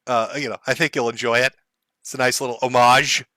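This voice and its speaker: A man's voice: mid-range voice, fairly even intonation, fairly quick, pushed and bright, dry recording, studio quality. A man hosting a live stream, commenting on clips in a mocking, profane way and laughing often. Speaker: livestream host.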